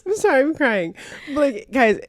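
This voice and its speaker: A young woman co-hosting a podcast, telling a story in animated, laughing casual chat, full of "like". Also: high-pitched, normal speed, no room sound, clean studio sound. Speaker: podcast co-host.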